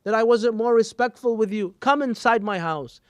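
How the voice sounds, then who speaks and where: A man voicing a kind, devout woman who shelters a stranger, with a raised, clear voice. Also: high-pitched, normal speed, dry recording, voice pushed up, lightly acted. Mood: apologetic.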